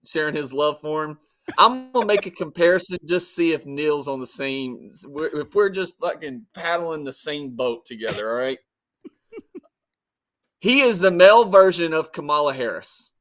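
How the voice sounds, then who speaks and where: A man's voice: fairly high pitch, animated, moderate pace, a bit bright. A man guesting on a sports talk show, blunt and profane with a mocking edge.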